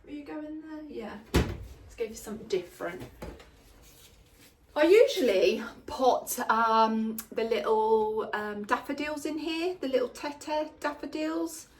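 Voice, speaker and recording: A woman's voice: fairly high pitch, animated, slow pace. A woman chatting casually and rambling a little as she pots up plants in a greenhouse. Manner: chatty and rambling, lots of ums and likes. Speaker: gardening vlogger. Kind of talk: casual chat while potting plants. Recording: roomy, mic at a distance.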